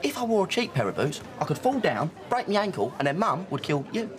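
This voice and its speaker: A cheeky, needling young lad. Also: male voice, high-pitched, brisk, noisy background. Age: young adult. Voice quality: lively, needling. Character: cheeky, mocking younger son.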